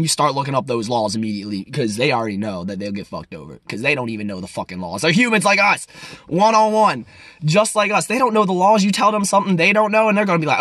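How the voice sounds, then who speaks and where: Profane rambling young man, bright voice. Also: fairly high pitch, no echo, studio quality. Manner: profane, rambling, swings between loud and muttered. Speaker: vlogger. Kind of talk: casual rant to camera.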